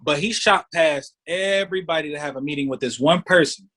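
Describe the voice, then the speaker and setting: A man guesting on a podcast tells a story in loose, profane, casual talk. He acts out the other people in the story with quick voices. His voice sits a little on the high side for a man. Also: bright, forceful tone.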